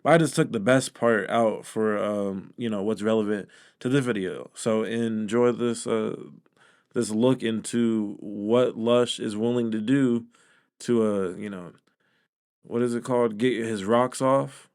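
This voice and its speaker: A man giving sarcastic, incredulous reaction commentary on podcast clips, with frequent filler pauses. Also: on the low side, fairly even intonation, darkish tone, smooth.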